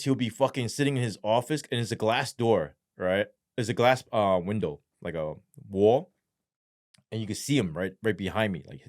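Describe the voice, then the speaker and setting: A man's voice: no echo, clean studio sound. Blunt, profane man telling his story. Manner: blunt and heavy on profanity, with casual slang; drops into a low, halting voice when speaking of despair. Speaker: guest, former police sergeant. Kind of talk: candid storytelling in an interview.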